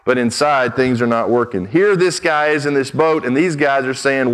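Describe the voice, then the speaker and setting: A man's voice: mid-range voice, moderate pace, low-quality recording. A man preaching a sermon, reading scripture aloud and breaking off into direct, emphatic asides to his listeners. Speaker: pastor.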